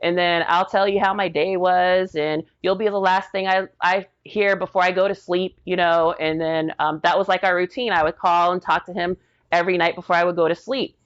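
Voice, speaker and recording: Woman, 40s, veteran interview guest; lower voice, animated storyteller, muffled lo-fi sound. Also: a little fast, clean tone. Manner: lively retelling, acts out quoted dialogue. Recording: dull lo-fi audio.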